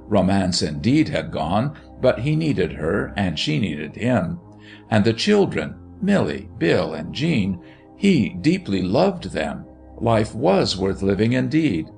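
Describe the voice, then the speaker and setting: A man narrating a story aloud in an expressive, dramatic reading. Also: fairly low pitch, creaky.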